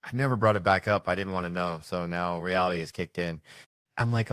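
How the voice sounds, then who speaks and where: A man working a stand-up stage, voice sitting a little low and recorded dry and close. He tells his stories with lots of animation and often jumps into loud shouted impressions. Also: lively intonation, brisk, dry recording. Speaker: comedian. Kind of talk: stand-up storytelling. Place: stage before a live audience.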